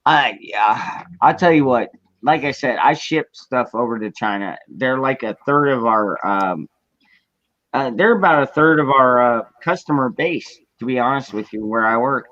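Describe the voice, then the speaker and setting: A man's voice: mid-range voice, animated, moderate pace, fairly bright tone, no room sound. Blunt man hosting on a dull, dry mic. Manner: blunt, profane, welcoming viewers. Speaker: livestream host. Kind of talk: casual livestream chat.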